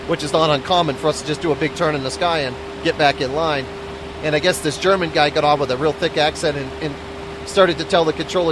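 A man who works in air traffic control, telling a story in a brisk, matter-of-fact way. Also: fairly high pitch. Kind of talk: casual anecdote.

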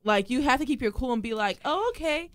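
A young woman in her twenties in casual chat, measured as she plays devil's advocate. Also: a little high, a little hiss or hum.

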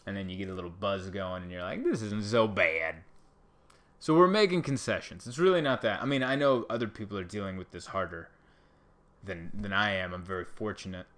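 A man's voice: deep voice, expressive, quick pace, a bit bright. Sarcastic rambling male comedian. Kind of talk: casual comedic monologue to camera.

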